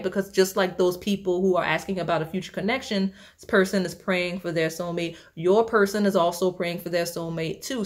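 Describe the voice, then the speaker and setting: A young woman giving a casual tarot reading, chatty and rambling, with many fillers and frequent laughs. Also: on the low side. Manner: laughs often. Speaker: tarot reader.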